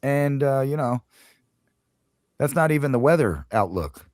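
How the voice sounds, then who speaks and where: A man's voice: medium pitch, sing-song, measured pace, a little mellow, dry recording. Hesitant man on a dry line. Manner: rambling, hesitant, many fillers. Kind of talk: casual chat on a live show.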